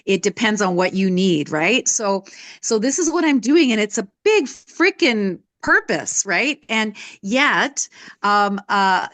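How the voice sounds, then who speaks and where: A woman's voice: mid-range voice, sing-song, slow, fairly bright tone, dry recording. A woman in her sixties, a personal development coach, telling a personal story in a candid, emphatic way during a live talk. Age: 60s. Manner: candid, emphatic, raises her voice to act out others in quotes.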